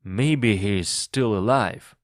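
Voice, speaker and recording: A man's voice: lowish voice, slow pace, no room sound, clean studio sound. A man voicing a superstitious, frightened pirate who speaks fearfully, in an audiobook reading for learners. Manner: fearful, anxious.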